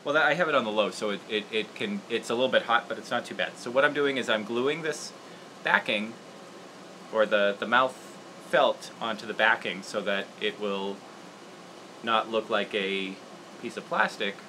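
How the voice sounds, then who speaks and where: A man's voice: fairly low pitch, moderate pace, bright, forceful tone, slight background noise, poor audio. A man hosting a casual livestream puppet-making tutorial, rambling and laughing at himself as he works. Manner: rambling, laughing, self-deprecating. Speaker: puppeteer host.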